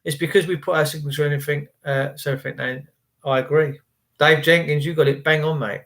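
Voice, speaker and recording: A man's voice: a little high, steady tone, fast talker, fairly bright tone. A man in his fifties giving a rambling, preachy and indignant rant on his livestream. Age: 50s. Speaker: vlogger on a livestream. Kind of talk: casual ranting monologue.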